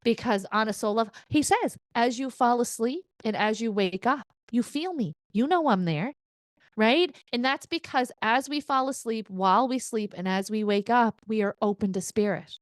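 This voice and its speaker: Recorded dry and delivered at a normal speed, this woman is a medium doing a relaxed spirit reading. She chats, laughs a lot, swears now and then, and raises her voice excitedly when passing along quotes.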